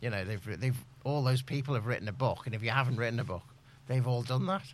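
A man chatting in a group, hesitant, pausing with ums and restarting his sentences. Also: medium pitch, slight background noise. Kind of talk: casual group chat.

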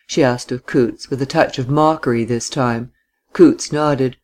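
A man narrates a novel in an even, measured voice at a middling pitch. His delivery is steady and plain, suited to an audiobook.

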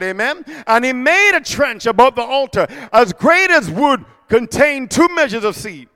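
A man preaching an animated sermon, reading scripture with many fillers and breaking into shouts and laughter. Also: very high voice, unhurried, big-room sound. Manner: shouting, mocking, laughing often; reads scripture in old wording, with many fillers.

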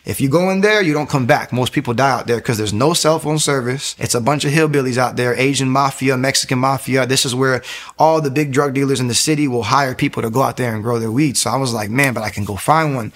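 A man in his thirties shares a personal faith testimony, talking fast in a rambling storytelling way. He frequently restarts phrases, and his voice grows louder and higher at emotional peaks.

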